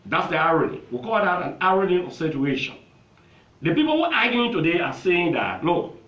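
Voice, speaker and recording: A Liberian male legislator makes a forceful, repetitive political argument during a TV interview. His voice is a little high and a bit bright, and the recording has a dull, roomy television quality.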